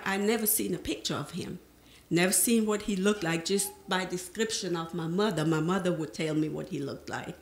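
A woman's voice: lowish voice, vocal fry, roomy sound. A middle-aged woman telling her life story to an audience as a panel speaker, acting out remembered conversations. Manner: lively storyteller who acts out remembered conversations. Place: presentation room.

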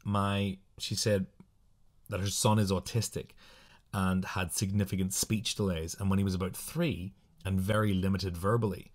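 A man's voice: low-pitched, level tone. A man co-hosting a podcast, casually reading out short spooky anecdotes with playful asides. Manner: chatty, playful, quick asides. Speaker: podcast co-host.

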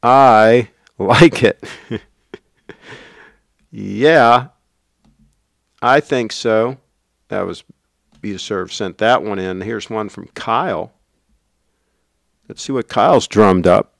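A man's voice: on the low side, takes it slowly, vocal fry, long pauses, no room sound, clean studio sound. A man hosting a casual livestream, rambling and reading out viewer comments. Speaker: livestream host.

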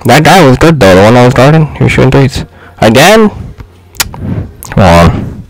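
A young man giving casual gameplay commentary, frustrated and slangy, yelling at his teammates. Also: medium pitch, expressive, fairly quick, dry recording, rough recording. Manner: frustrated, exclaiming, slangy trash talk. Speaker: gaming YouTuber.

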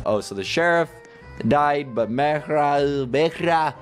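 A man hosting a gaming video, giving excitable commentary and talking to viewers, with stammered repeats. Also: fairly high pitch, slow, soft background music.

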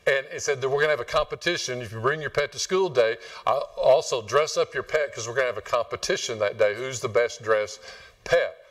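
Recorded from a distance in a church sanctuary, a pastor with a medium-pitched, slightly bright voice preaches to his congregation in a conversational, joking manner.

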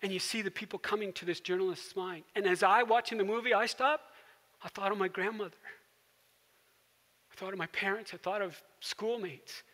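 A male pastor delivers a sermon in a high, sharp, bright voice. He tells it like a story and sinks into a gentle hush at quiet moments. His voice rings with the long reverb of a church hall. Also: fairly even intonation, fairly quick. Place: church sanctuary.

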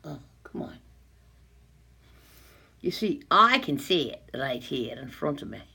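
Agitated woman with a gravelly voice. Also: sits low, sing-song, slow pace, sharp tone. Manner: agitated, swinging between whispers and angry outbursts; sarcastic, talks to unseen doubters. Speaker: vlogger filming herself. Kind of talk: rambling self-recorded monologue.

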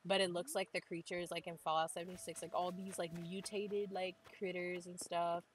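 A young woman gives a chatty game tour, voice sitting a little low for a woman. She gushes over everything and fills her talk with "like." A faint hum of ambience sits behind her. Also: flat delivery, normal speed, low-quality recording. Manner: chatty, gushing, says "like" constantly. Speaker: gaming channel host. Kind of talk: casual game tour commentary.

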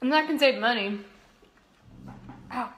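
A woman's voice: fairly high pitch, a little slow, fairly bright tone, slight background noise. A young woman livestreaming from her kitchen, chatting casually, reading comments and breaking into song. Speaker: livestream host, singer. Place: home kitchen.

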